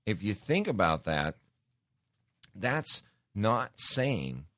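A man's voice: lowish voice, very animated, extremely slow, pauses often, fairly bright tone, no echo, clean studio sound. A man giving an earnest sermon-style teaching, talking with many fillers and restarts and rising in emphasis when he cites scripture. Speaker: Christian teacher.

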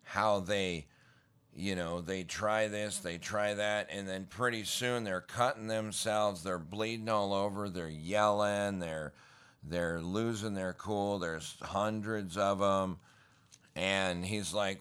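Low, slow-talking folksy male preacher. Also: steady tone, a bit bright, clean tone. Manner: folksy, slangy storytelling with rising emphatic bursts. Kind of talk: casual sermon.

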